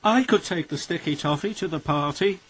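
A man voicing an eager, excitable young male tank engine in a storybook reading. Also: a little high, brisk, slightly rough, pitched above the performer's own voice. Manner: bright, excited exclamations. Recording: music playing behind.

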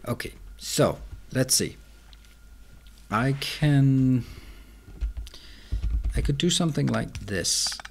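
A man's voice: medium pitch, slow pace, gravelly, long pauses, a little hiss or hum. A man commenting on his own gameplay, muttering to himself and swearing when things go wrong. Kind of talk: let's play commentary. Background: keyboard and mouse clicks.

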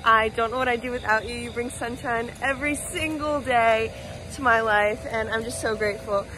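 A young woman cheering excitedly for a friend in a short tribute. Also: fairly high pitch, normal speed, poor audio. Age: young adult.

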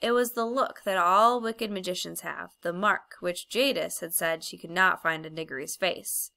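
Gravelly, low-voiced woman narrating a storybook. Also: moderate pace, pushed and bright. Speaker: audiobook narrator.

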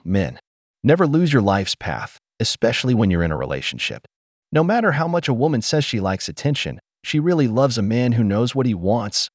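A man's voice: medium pitch, no room sound, clean studio sound. A man gives opinion commentary in a blunt, preachy, lecturing tone.

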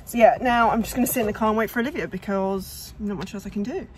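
A woman's voice: medium pitch, fast talker, noisy background. A young woman chatting to camera in a rambling vlog, slightly out of breath. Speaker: vlogger. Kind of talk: casual chat to camera. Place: indoors at home, later in a parked car.

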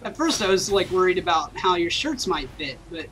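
A woman's voice: lowish voice, sing-song, brisk, crowd noise. A young woman playing support in a team video game, teasing her teammates and swearing freely. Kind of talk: casual gameplay chatter.

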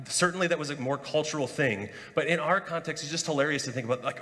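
Animated male pastor in a reverberant hall. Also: medium pitch, brisk. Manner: conversational, animated, acts out quoted voices. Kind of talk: sermon. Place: church sanctuary.

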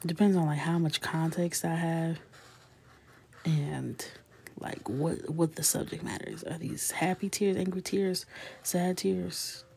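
A woman's voice: deep voice, fairly even intonation, unhurried, creaky, breathy edge. A woman in her thirties hosting a live coloring stream, chatting casually and laughing with viewers, often dropping to a whisper. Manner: soft-spoken, often drifting into a whisper. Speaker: coloring livestream host.

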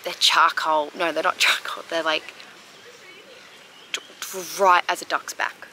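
A woman's voice: low voice, level tone, a little slow, pushed and bright, a little hiss or hum, low-quality recording. An Australian woman vlogging outdoors by a harbour, gushing and rambling with lots of "like" fillers. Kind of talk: casual outdoor vlog.

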